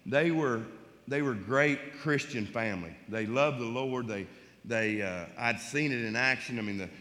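A middle-aged man with a drawl tells a Christian testimony in a folksy, heartfelt way. He repeats words when he is moved and swings from urgent, loud stretches to hushed, choked ones. His voice is at an average pitch for a man and carries a long reverb, as if in a large hall. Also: moderate pace. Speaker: Christian speaker telling a testimony. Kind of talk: emotional storytelling testimony.

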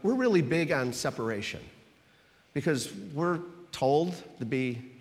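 A man's voice: a little high, animated, unhurried. Male pastor preaching in a reverberant hall. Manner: conversational preaching with audience call-and-response. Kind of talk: sermon.

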